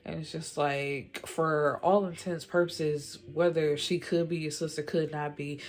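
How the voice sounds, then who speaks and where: A woman's voice: deep voice, steady tone, a little slow. A woman casually recapping a movie plot, chatty and slangy, full of "you know" and "like", with opinionated, exasperated asides. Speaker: movie reviewer.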